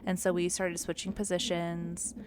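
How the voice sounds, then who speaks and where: A woman's voice: fairly low pitch, monotone, normal speed. A young adult woman hosting a podcast, candidly telling a personal story and often laughing as she talks. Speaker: podcast host. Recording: noticeable background noise.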